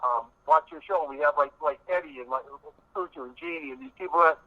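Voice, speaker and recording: A man's voice: on the high side, quick pace. Man calling in over a tinny phone line. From Massachusetts. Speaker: caller. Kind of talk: phone call to a live show.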